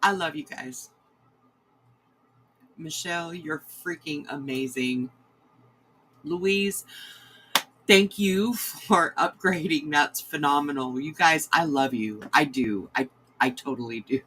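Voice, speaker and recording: A woman, a crochet host chatting to her livestream viewers in a sentimental, halting way. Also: low-pitched, a bit bright, slight background noise, rough recording. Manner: sentimental, halting, many restarts. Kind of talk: casual livestream chat to viewers.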